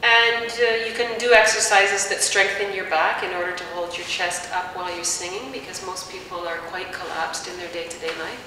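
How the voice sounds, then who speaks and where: A woman singing teacher calmly explaining vocal technique in plain words, with fillers. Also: on the low side, moderate pace, hardly any pauses. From Canada. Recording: echoey room, mic at a distance, faint hiss.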